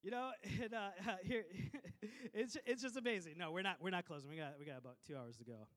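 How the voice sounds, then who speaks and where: Pastor guy from minnesota, pretty high voice, cracks jokes mid sermon. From Minnesota, USA. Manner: lively and joking, with quick asides to the congregation.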